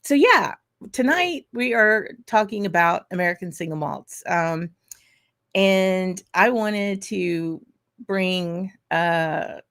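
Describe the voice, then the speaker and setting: Her voice lowish but fairly bright, with lively intonation and a slow pace, a woman hosts a whisky livestream show. She chats in a bubbly way, greeting viewers by name with lots of "um" and "y'all", and breaks into bursts of laughter while giving casual shout-outs.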